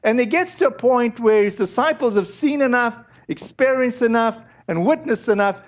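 A man's voice: very high-pitched, normal speed. A man preaching a sermon as a pastor, speaking in a conversational way with restarts and fillers, and closing in prayer. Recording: dull lo-fi recording.

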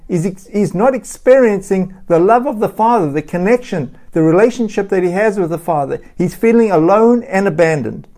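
A Bible teacher reading scripture slowly and deliberately, stopping for emphatic asides and sometimes repeating words. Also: mid-range voice, dark tone. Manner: repeats words and restarts phrases.

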